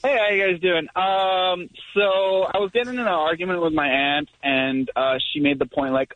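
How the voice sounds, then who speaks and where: Man caller, somewhat high voice, sheepish and laughing, faint line hiss. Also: fairly even intonation, moderate pace, few pauses, phone-quality sound. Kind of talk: phone-in story.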